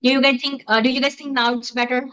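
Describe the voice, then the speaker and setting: A woman from Pakistan giving an online webinar talk as a physician-scientist, speaking quickly from her home through a computer mic set back from her. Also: high voice, little pitch movement, a bit bright, clean tone, no echo. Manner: fast-talking, explanatory. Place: home, in the middle of moving. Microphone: computer mic, not close. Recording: dull lo-fi video call audio.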